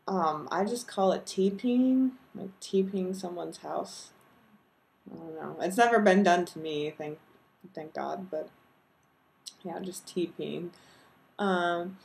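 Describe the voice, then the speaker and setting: A woman from Texas with no regional twang talks to her camera in an unhurried, low-key way, filling the gaps with hesitant pauses. Her voice sits a little low and has a noticeable gravelly fry. She sounds modest and self-deprecating, as if she doesn't think she's very interesting. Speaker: video blogger. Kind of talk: casual chat and word-list reading.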